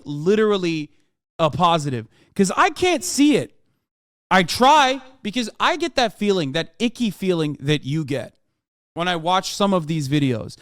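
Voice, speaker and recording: A male streamer in his thirties, with a fairly high, smooth, dry voice, launches into a heated, profane reaction rant. There's no room sound.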